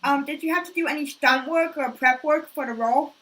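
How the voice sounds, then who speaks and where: Woman host interviewer, high and bright, short polite questions. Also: brisk.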